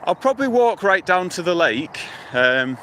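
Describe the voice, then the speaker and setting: A man streams live from his phone as he strolls past a lake, narrating whatever he sees in an easygoing, meandering way. His voice sounds bright and forward. Faint traffic hum sits in the background. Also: high voice, moderate pace. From United Kingdom. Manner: relaxed rambling, thinking aloud, talks to viewers. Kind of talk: casual walking livestream chat. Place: outdoors by a lake and river near a motorway. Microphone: phone held while walking. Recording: outdoor traffic hum behind.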